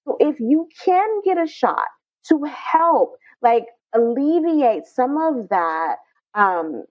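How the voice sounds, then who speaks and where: A woman co-hosting a podcast panel, talking in an animated, passionate and emphatic way. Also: high-pitched, takes it slowly, no echo. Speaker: podcast co-host. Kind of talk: casual panel discussion. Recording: slightly muffled dry recording.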